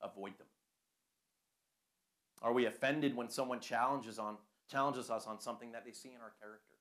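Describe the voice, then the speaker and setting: A man's voice: medium pitch, fairly even intonation, normal speed, a bit bright. A man preaching a conversational sermon full of rhetorical questions.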